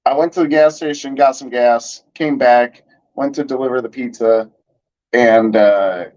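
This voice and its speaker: With a mid-range, somewhat mellow voice and fairly level intonation, a man in his thirties drifts slowly through a lengthy anecdote. It's easygoing, slangy rambling packed with "like" and "you know," and the lo-fi recording is a little dull.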